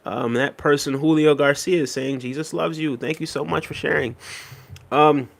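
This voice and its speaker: A man hosting a casual livestream, reading out viewer comments and thanking them in a relaxed, easygoing way with soft laughs. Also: a little high, moderate pace, gravelly, dry recording. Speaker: livestream host. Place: New York City.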